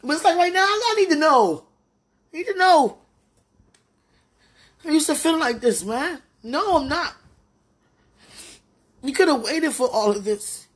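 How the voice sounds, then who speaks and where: A woman with a high voice pours out a tearful prayer, pleading with God, her words slow and drawn out. Her voice cracks with crying and now and then sinks to a breathy whisper. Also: expressive. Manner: pleading, talking to God aloud. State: tearful, voice breaking. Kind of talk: emotional spoken prayer.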